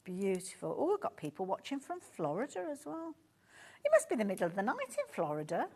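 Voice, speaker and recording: A woman's voice: mid-range voice, huge pitch swings, a little fast, darkish tone, slightly rough. A woman with a Birmingham accent presenting fabric on a live shopping show, chatty and gushing and easily sidetracked, speaking from a studio. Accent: Birmingham English.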